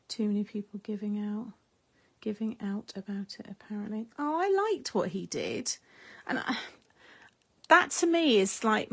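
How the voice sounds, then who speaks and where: A woman's voice: mid-range voice, creaky, breathy edge. A middle-aged woman hosting a craft live stream, chatting casually with viewers, rambling with frequent laughs and trailing sentences. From United Kingdom. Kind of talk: casual chat while crafting, replying to viewer comments.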